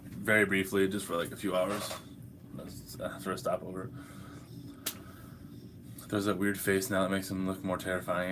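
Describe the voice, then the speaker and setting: A man's voice: low voice, noisy background. A young man hosting a casual livestream, hungover, reading chat questions aloud and answering in a laid-back, profane way.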